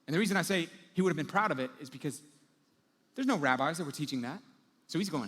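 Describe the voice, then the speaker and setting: A man's voice: on the high side, expressive, quick pace, fairly bright tone. A male pastor preaching a sermon to a live audience in a large hall, in a casual storytelling manner and acting out the people in his story. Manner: casual storytelling, acts out quoted characters. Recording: long reverb of a large hall.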